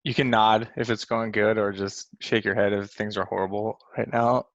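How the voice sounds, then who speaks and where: A man's voice: fairly low pitch, level tone, moderate pace, hardly any pauses, a bit bright, no echo, lo-fi sound. A man in his late thirties from North Dakota, presenting a work webinar in a casual, rambling way with lots of fillers, still in his groggy morning voice. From Fargo, North Dakota. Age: late 30s. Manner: chatty, rambling with many fillers and restarts. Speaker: senior manager presenting a webinar. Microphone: video call.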